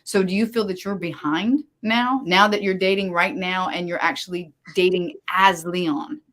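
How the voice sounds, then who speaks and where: Low-voiced woman asking probing questions. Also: steady tone, moderate pace, fairly bright tone. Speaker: host, relationship coach. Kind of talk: interview questions.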